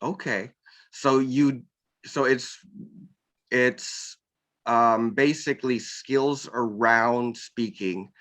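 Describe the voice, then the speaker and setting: A man hosts an interview, speaking slowly and carefully, pausing often to find his words. His voice is bright and clear-edged. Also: mid-range voice. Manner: slow, searching, many ums and restarts. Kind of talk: casual interview talk.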